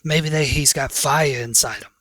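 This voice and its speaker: A man's voice: mid-range voice, normal speed, fairly bright tone, dry recording, close to an everyday voice. A man voicing a tiny, helpful illusory goblin that explains things in a matter-of-fact way.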